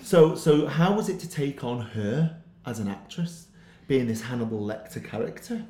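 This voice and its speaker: Interview host, excitable, quick reactions, echoey room. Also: medium pitch. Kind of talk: interview chat.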